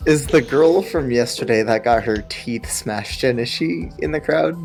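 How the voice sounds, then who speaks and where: A man's voice: mid-range voice, measured pace, creaky, darkish tone, soft background music. Guy teasing his friends at dnd, normal voice. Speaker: player. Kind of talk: casual tabletop game chat.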